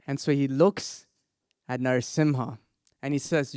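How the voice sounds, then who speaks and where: A man's voice: mid-range voice, steady tone, measured pace, pauses often, darkish tone, smooth, no echo, clean studio sound. A man telling a sacred story as a spiritual teacher, dramatic and drawing in his audience. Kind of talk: storytelling sermon.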